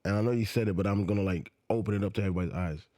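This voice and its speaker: A man's voice: lowish voice, rapid-fire, mellow. A man co-hosting a podcast, telling stories in loose, slangy casual chat. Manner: loose slangy storytelling, laughing. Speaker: podcast co-host.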